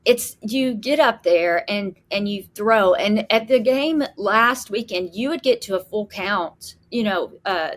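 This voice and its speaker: A woman co-hosting a podcast, chatting in an animated way and acting out her own reactions. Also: medium pitch, a little slow, hardly any pauses. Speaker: podcast co-host. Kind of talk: casual podcast conversation.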